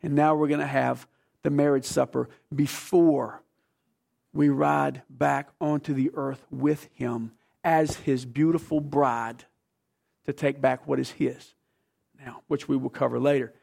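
With a creaky, steady, mid-range voice, a man preaches unhurriedly and emphatically. He questions the congregation and alternates between quiet stretches and loud bursts.

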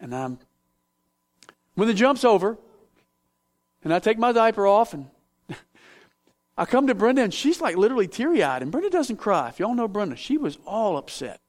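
A man's voice: high-pitched, sing-song, moderate pace, pauses often. A middle-aged man preaching a sermon, telling stories with self-mocking humor. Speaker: pastor.

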